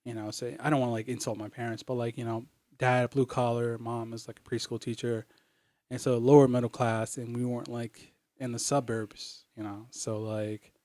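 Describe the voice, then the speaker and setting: A young man from Virginia chats as a podcast guest, rambling through his stories with lots of filler words and quick laughs. His voice sits in an ordinary middle pitch, and it sounds close and dry with no room around it. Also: flat delivery, darkish tone, no room sound. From Virginia, USA. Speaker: comedian guest. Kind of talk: casual podcast chat.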